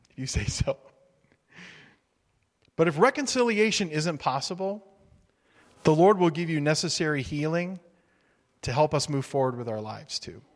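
A male pastor preaching a sermon in a relaxed, humorous, conversational way, acting out little quotes. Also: a little high. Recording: reverberant hall.

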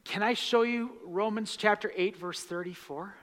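A man's voice: sits high, moderate pace, a bit bright. A male pastor preaching a sermon in a church sanctuary, emphatic and repeating key lines for stress. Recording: long reverb of a large hall.

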